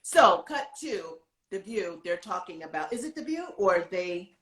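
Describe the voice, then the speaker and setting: A woman co-hosting a casual talk show, chatting and recounting events with animated energy. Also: on the low side, unhurried, roomy sound, poor audio. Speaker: co-host.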